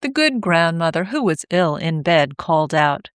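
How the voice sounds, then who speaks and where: A woman narrating a fairy tale in a slow, clear scripted reading for English learners. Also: fairly low pitch, animated, dry recording, clean studio sound.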